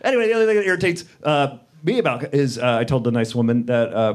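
A male comedian telling stories in a casual live chat, laughing often and setting up jokes. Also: mid-range voice. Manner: laughing, storytelling, quick setups. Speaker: comedian co-host. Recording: live stage, faint noise.

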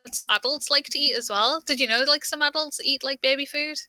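A young woman with a sharp, very bright and fairly high voice, chatting casually and teasing her friend. Her talk is quick and playful. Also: low-quality recording. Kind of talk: casual chat.

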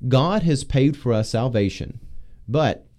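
A man leading a casual Bible discussion as pastor, teaching with animated emphasis. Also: mid-range voice, unhurried.

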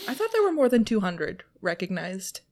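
A woman co-hosting a podcast in casual chat, playful and quick to laugh. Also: mid-range voice, sing-song. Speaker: podcast co-host.

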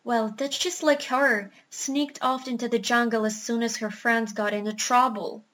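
A woman's voice: on the high side, steady tone, moderate pace, fairly bright tone, a little hiss or hum, close to an everyday voice. A woman voicing a sour, grumbling crocodile in a storybook reading.

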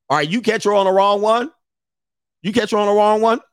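A man's voice: sits high, brisk, pauses often, smooth, no echo, clean studio sound. A man hosting, on a loose, profane comic rant, breaking into put-on voices.

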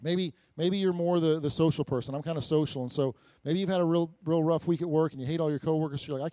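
A male pastor in middle age delivers a relaxed, story-driven sermon, often restarting and repeating his words as he goes. His voice sits a bit high for a man. It is recorded close and dry, with almost no room echo. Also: fast talker, few pauses. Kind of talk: conversational sermon.

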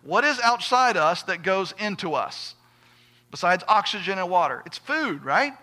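A man's voice: high-pitched, big pitch swings, measured pace, sharp tone. A male pastor preaching a sermon, emphatic, putting rhetorical questions to his congregation.

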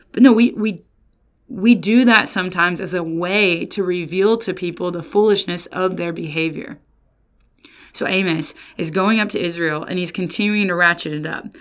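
A woman pastor giving a casual Bible lesson, lively and often slipping into sarcastic quoted voices. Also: fairly low pitch. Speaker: pastor and resident theologian.

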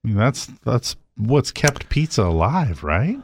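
A man's voice: medium pitch, sing-song, a little slow, slight background noise. A man hosting a casual talk show who rambles animatedly through stories and work talk. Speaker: podcast host, mortgage lender. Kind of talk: casual chat.

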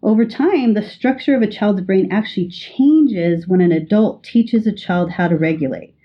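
A woman educator giving a measured, patient teaching talk, explaining with everyday examples. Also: medium pitch, slightly rough, lo-fi sound. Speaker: educator guest.

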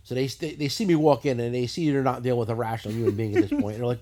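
A middle-aged man hosting a casual podcast, telling stories in a profane, animated way. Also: mid-range voice, rapid-fire, hardly any pauses, slight background noise. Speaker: podcast host. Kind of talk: casual chat.

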